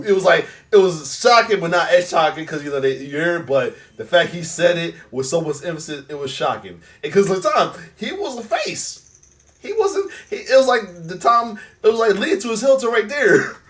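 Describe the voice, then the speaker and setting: A man hosting a reaction video in casual chat, excitable, laughing often and restarting his sentences. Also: high voice, moderate pace, distant mic. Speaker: reaction channel host.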